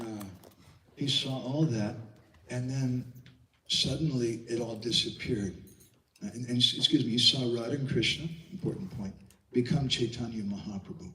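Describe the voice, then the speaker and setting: A man giving a devotional storytelling lecture, animated, often checking in with his audience with quick questions. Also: mid-range voice, slight background noise. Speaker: devotional speaker. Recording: echoey room, distant mic.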